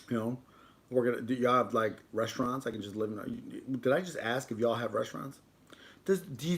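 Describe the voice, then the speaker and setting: A man hosting a casual live stream, rambling and joking while he talks to his dog and to the chat. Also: medium pitch. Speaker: livestream host.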